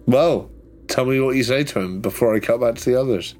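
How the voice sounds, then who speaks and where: A man's voice: medium pitch, fairly quick, darkish tone. Sweary, easygoing male game master. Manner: casual, sweary, descriptive narration. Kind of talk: narrating a tabletop game.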